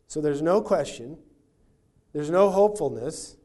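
A man preaching a sermon, teaching through a passage verse by verse and explaining what the words mean, slowing down to stress key words. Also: a little high, lively intonation, warm tone. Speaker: pastor.

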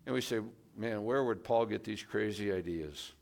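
A man preaching a sermon, slow and deliberate, pressing hard on key words for emphasis. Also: lowish voice, creaky, a little mellow. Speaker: pastor.

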